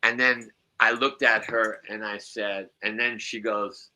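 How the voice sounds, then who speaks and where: A man's voice: fairly low pitch, little pitch movement, normal speed, few pauses, pushed and bright. A man hosting a podcast as a psychic medium, chatting casually in a rambling way with chuckling asides.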